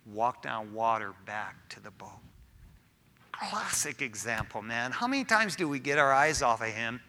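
A man preaching a sermon to his church in a casual, animated way, often tossing in "man". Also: mid-range voice, measured pace. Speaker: pastor.

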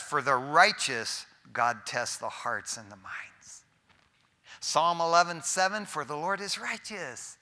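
Bright, forceful preaching man. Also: expressive, a little slow. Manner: preacherly, swings from loud emphatic calls to quiet low asides. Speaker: pastor. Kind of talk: sermon.

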